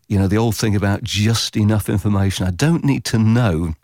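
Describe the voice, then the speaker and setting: Animated man, low dry voice. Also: a little fast, no room sound. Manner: animated, quotes imagined voices with big pitch leaps. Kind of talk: interview answers.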